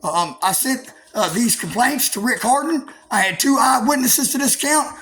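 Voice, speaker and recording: A man's voice: extremely high pitch, lively intonation, moderate pace, hardly any pauses, bright, forceful tone. A man in an angry, profane monologue to his viewers, combative and stammering through many fillers. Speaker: vlogger.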